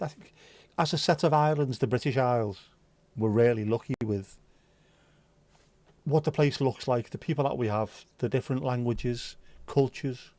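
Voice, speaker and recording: A man's voice: medium pitch, warm tone, no echo. A man with a Liverpool accent hosting a livestream, chatting casually in a jokey, rambling way. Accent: Liverpool (Scouse). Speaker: livestream host.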